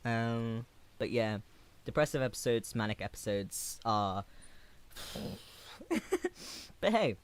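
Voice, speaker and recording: A 20-something man on a livestream reads chat messages in a soft, affectionate manner, pausing hesitantly. His voice is smooth and medium-pitched.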